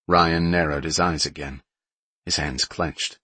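Deep, husky male audiobook narrator. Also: steady tone, unhurried, bright, forceful tone, no room sound. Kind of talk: scripted narration.

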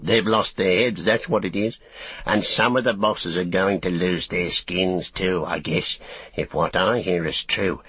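A man's voice: sits low, steady tone, a little slow, fairly bright tone, breathy edge, exaggerated voice. A man voicing a small, sly orc tracker who snarls and whines. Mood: sneering. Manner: snarling, whining.

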